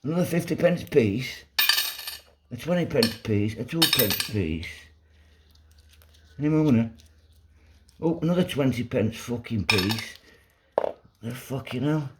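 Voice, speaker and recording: A man filming a do-it-yourself vlog while fixing a washing machine, excitable and swearing constantly. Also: medium pitch, unhurried, long pauses, very noisy. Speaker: vlogger. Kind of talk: casual DIY vlog.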